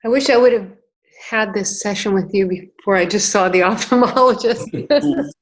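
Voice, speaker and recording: A woman's voice: medium pitch, normal speed. Female participant, chatty, conversational, in a group session. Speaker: program participant.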